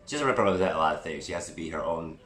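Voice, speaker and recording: A man's voice: low-pitched, expressive, rapid-fire, fairly bright tone. A man giving a chatty, digressive movie review vlog, with self-deprecating asides. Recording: roomy echo with faint music.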